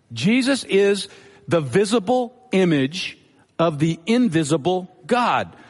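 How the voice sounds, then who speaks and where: A pastor preaching a sermon in a measured, teaching manner, repeating his key phrases for emphasis. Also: sits high. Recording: long hall reverb.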